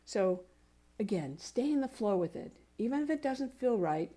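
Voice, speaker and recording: Woman pastor kinda high voice, chatty sermon w personal stories, encouraging the congregation. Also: sing-song, normal speed, warm tone. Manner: conversational, telling personal stories. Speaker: minister. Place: spiritual community center service.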